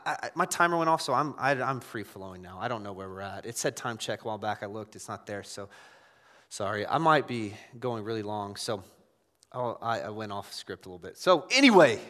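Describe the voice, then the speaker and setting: A man preaching a sermon as pastor, conversational and animated, firing off rhetorical questions. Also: medium pitch, in a large hall.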